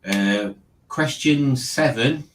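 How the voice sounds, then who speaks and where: A man's voice: mid-range voice, very slow, fairly bright tone, roomy sound, a little hiss or hum, rough recording. A man hosting a casual online quiz, reading questions and joking about them. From Liverpool, England. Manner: wry, mocking the questions. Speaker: quiz host.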